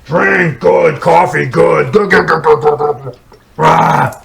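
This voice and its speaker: A man doing an impression of a gruff male movie monster who speaks in broken two-word phrases, with guttural grunts. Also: fairly high pitch, slow pace, crowd noise, exaggerated voice. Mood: gruff shouting. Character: gruff shouting male monster, simple speech.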